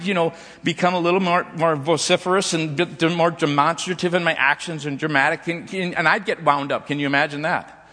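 Middle-aged man preaching, bright voice, fairly high, long hall reverb, storytelling with restarts. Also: fairly even intonation, fairly quick. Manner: storytelling with many restarts and repeated "and". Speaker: pastor. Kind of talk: sermon.

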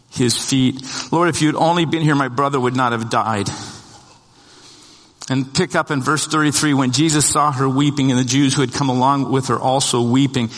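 This male pastor delivers his sermon like a conversational story, with restarts, speaking the disciples' lines himself. His voice builds in pitch and loudness toward emphatic high points, all carried on a long hall reverb.

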